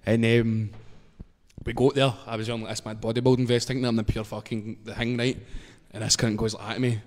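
A man's voice: mid-range voice, level tone, fairly quick, a little mellow. A man with a Glaswegian accent telling a casual story. He swears freely, laughs as he goes and acts out the scenes. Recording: long reverb in a hall-like room.

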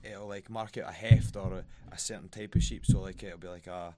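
Here a guest fighter from Scotland, a young man, shares stories on a casual podcast, quoting voices and laughing frequently. He speaks a little fast, his voice sitting low with a steady, warm tone.

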